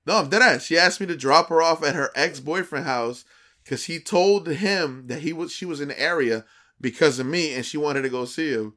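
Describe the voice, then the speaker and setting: A man co-hosting a podcast, telling a dating story in casual, profane slang and acting out the quoted dialogue with lively shifts. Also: a little high, moderate pace. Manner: animated, acts out quoted dialogue; profane, slangy street talk.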